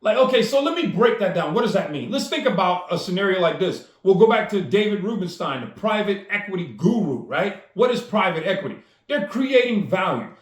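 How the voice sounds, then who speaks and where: With a high-sitting, sing-song voice, a man recounts a personal story a little fast and with few pauses. The room echoes, and the storyteller and speaker eagerly acts out each line of dialogue.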